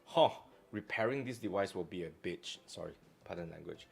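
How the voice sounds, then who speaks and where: A man's voice: low voice, animated, moderate pace, gravelly, husky. A man in his thirties with a Malaysian English accent, casually hosting a live-stream chat and teasing his co-host. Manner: joking and teasing, loud bursts, slang particles like "lah". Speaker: show host.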